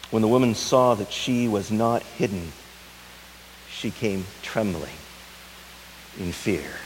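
A man pastor preaching a sermon, dramatic, swinging from loud urgency to a soft tender hush. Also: fairly low pitch, slow, pauses often, a little hiss or hum, rough recording.

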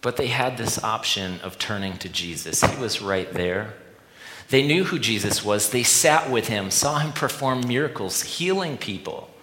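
A man's voice: lowish voice, animated, moderate pace, sharp tone. A man preaching an earnest sermon to a church gathering, repeating a refrain and often restarting his words. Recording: echoey hall with long reverb.

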